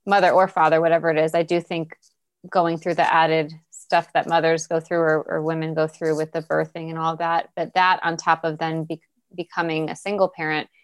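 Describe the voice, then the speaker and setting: An eager, earnest woman coach, talking as a guest in an interview, often restarting her sentences as her thoughts run ahead. Her voice sits slightly low for a woman, and the recording is dry, with no room sound. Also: flat delivery, moderate pace, clean tone, dry recording. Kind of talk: conversational interview.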